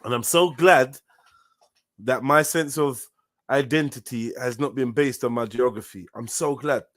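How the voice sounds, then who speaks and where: A man from South London with a London accent, hosting a live podcast and reacting to a played clip in an animated, slangy, incredulous way. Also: mid-range voice, a little slow, no room sound, studio quality. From South London, England. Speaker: podcast host.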